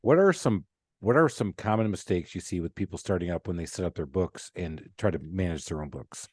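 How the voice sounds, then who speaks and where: A man's voice: low voice, expressive, brisk, husky, no room sound. A man hosting a podcast interview, chatty and enthusiastic, talking casually with plenty of fillers. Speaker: podcast host.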